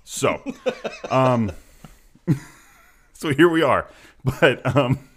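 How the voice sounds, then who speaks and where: A man's voice: mid-range voice, lively intonation, very slow, a bit bright, husky. A man hosting a casual podcast chat, laughing often and talking loosely with some swearing. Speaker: podcast host.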